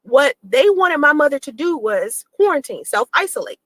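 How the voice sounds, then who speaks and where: High-voiced woman telling a story. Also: normal speed, no room sound, poor audio. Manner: animated, acts out quoted exchanges in her telling. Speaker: mother telling her own story to camera. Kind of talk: casual vlog storytelling.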